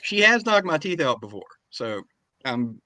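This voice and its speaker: A man's voice: a little high, very animated, unhurried, pushed and bright, no echo. Dry-humored male podcast co-host. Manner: dry, self-deprecating humor. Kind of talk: casual chat.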